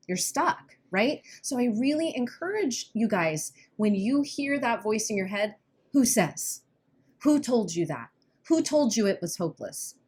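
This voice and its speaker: A woman's voice: a little high, a bit bright, breathy edge. A woman co-hosting a podcast as a weight-loss coach, talking earnestly in casual chat and often laughing nervously. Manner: earnest, laughs when uneasy, quick bursts.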